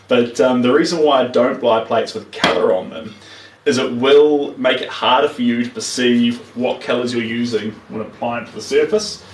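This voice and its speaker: A man's voice: medium pitch, normal speed, far from the mic, a little hiss or hum. A man with a New Zealand accent chatting casually to live viewers while he paints, trailing off as he works. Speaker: artist streaming live. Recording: roomy, mic set back from speaker.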